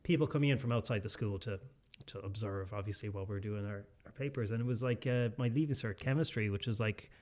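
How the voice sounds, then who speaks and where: A man's voice: fairly low pitch, fast talker, a little mellow. A young adult man with an Irish accent, a podcast co-host chatting casually and rambling through a story with many restarts. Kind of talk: casual chat.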